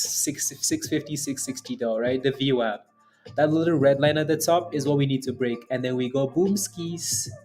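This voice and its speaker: A man's voice: on the high side, a little mellow. A man hosting a day-trading livestream in casual chat, joking, laughing often and bantering with viewers and his phone assistant. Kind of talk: casual live-stream chat.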